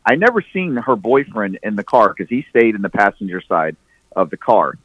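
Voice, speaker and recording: A man's voice: on the low side, lively intonation, moderate pace, no echo, narrow, tinny audio. A man guest on a podcast telling a long story casually, profane and restarting often.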